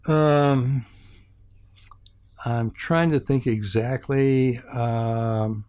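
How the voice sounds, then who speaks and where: A man's voice: mid-range voice, fairly even intonation, very slow, a little mellow, clear, resonant tone. Older man telling a rambling story. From Hawaii. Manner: rambling storyteller, frequent restarts and fillers. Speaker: interview guest. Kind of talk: casual anecdote telling.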